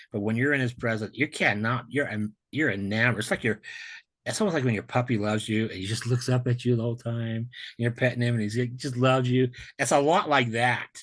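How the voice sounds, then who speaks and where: A man sharing a near-death experience in casual storytelling on a video call, excited and rambling, full of restarts and slang. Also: on the low side, breathy edge.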